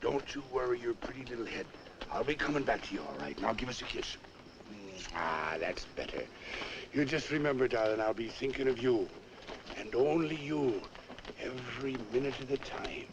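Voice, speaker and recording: A man's voice: medium pitch, expressive, moderate pace, lightly acted. An actor in a 1950s film playing a boozy, roguish cavalry trooper who sweet-talks and teases his girl. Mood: wheedling. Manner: wheedling, teasing, gravelly. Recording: noisy old film soundtrack.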